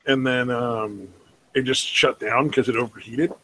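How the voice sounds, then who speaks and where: A man's voice: mid-range voice, fairly even intonation, a little slow, a bit bright, a little hiss or hum, rough recording. A man co-hosting a casual podcast chat, telling stories in a laid-back, rambling way.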